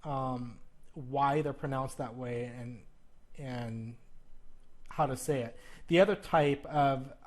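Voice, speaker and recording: Speaking slowly with long pauses, a male teacher in a video lesson on plural sounds addresses the viewer directly and checks in with "okay?". His mid-range voice is darkish with fairly even intonation, and he exaggerates the sounds he demonstrates. He records while flipping through a textbook.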